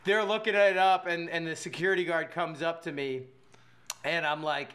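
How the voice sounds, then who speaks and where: High bright-voiced man telling a rambling story. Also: normal speed. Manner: rambling, animated, full of filler words and laughter. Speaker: podcast co-host telling a story. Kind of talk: casual storytelling chat.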